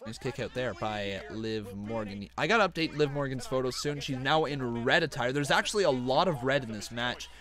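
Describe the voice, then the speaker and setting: Male streamer, mid-pitched, chatty live wrestling reaction commentary, bursts of excitement. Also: normal speed, few pauses. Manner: chatty, excitable, reads donations aloud.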